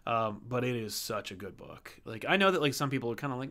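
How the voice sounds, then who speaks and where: A man's voice: medium pitch, animated, quick pace, few pauses, a bit bright. A man hosting a comic book livestream, chatting casually and rambling with lots of fillers while he reads out viewer messages. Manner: rambling, many fillers and restarts.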